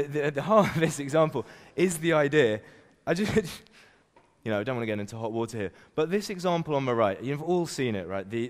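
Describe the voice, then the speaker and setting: Man giving a business keynote in a reverberant hall. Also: mid-range voice. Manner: energetic, keeps adding "right?" and "you know". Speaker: conference speaker. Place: conference stage.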